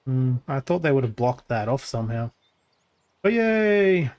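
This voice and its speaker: A man's voice: a little fast, muffled recording. A man casually narrating his gameplay as a streamer, thinking aloud with lots of fillers and restarts. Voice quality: voice gets crackly when pushed deep.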